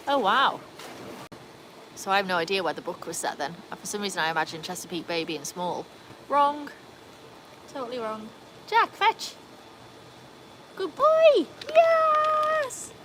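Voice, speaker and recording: A woman with a fairly low voice and background noise around her. Speaking in an English accent with a Welsh tinge, she chats casually on a livestream from her backyard, responding to viewer comments.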